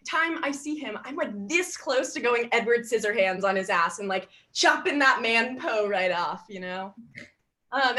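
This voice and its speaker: A young woman doing a stand-up comedy set, bubbly and giggly, laughing through her lines. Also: on the high side. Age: young adult. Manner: bubbly, giggly, animated delivery.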